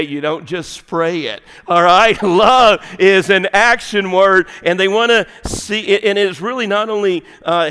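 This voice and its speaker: Southern US male pastor, high and smooth voice, emphatic folksy sermon, long church reverb. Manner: emphatic, folksy, swings between loud and hushed. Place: church sanctuary.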